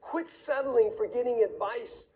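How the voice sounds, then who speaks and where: Blunt, emphatic man with a dark voice. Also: extremely high pitch, unhurried, low-quality recording. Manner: emphatic, blunt, repeats warnings; acts out dialogue in quoted voices. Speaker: speaker on wealth. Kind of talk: motivational talk.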